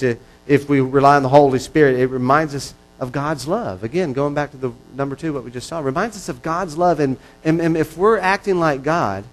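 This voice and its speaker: A man's voice: medium pitch, poor audio. A man preaching a sermon in an earnest, repetitive style that builds in intensity. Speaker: pastor.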